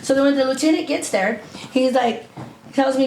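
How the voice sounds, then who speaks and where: Blunt, profane middle-aged woman, higher voice. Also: brisk, creaky, a little mellow, a little hiss or hum. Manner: blunt and profane, with lots of filler and self-quoting. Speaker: guest. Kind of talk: casual storytelling in an interview.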